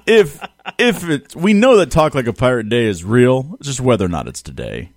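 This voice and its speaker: A playful male morning radio co-host with a wildly animated, swooping delivery who laughs through his banter. The sound is dry and close, with no room around it. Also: medium pitch, moderate pace, no room sound.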